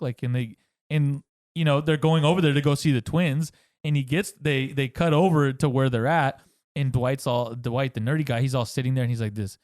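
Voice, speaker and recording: A man's voice: mid-range voice, normal speed, a little mellow. A man co-hosting a podcast, chatting casually, rambling and joking with frequent restarts. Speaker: podcast co-host. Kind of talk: casual chat.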